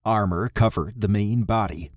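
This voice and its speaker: Male audiobook narrator, low voice, measured, dry close mic. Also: no echo. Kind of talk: scripted narration.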